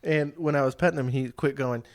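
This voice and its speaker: A man tells a story in a casual podcast chat, slipping into quoted voices and laughing along the way. His voice sits at an ordinary middle pitch. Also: fairly quick. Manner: animated storyteller acting out quotes, laughing often. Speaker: podcast co-host.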